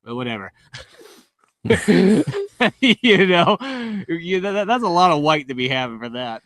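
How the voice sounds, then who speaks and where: A man's voice: a little high, lively intonation, a little slow, a bit bright, no room sound, studio quality. A man co-hosting a podcast, retelling movie scenes in a chatty way, often laughing and restarting his sentences. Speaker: podcast co-host. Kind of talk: casual movie review chat.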